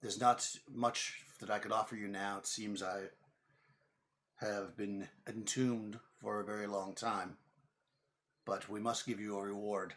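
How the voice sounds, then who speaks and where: A man's voice: lowish voice, little pitch movement, unhurried, a bit bright. A man voicing a formal, weary ghostly knight in a tabletop game. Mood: solemn. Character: ghostly knight, grieving and stern.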